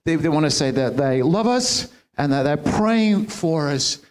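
A pastor with a slightly raised pitch preaches earnestly to his congregation. He talks from the church platform and now and then restarts his phrases. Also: expressive, unhurried, clear, resonant tone. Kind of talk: sermon.

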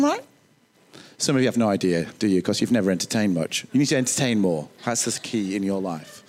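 A man preaching a sermon, animated, with joking, self-deprecating asides. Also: medium pitch, fast.

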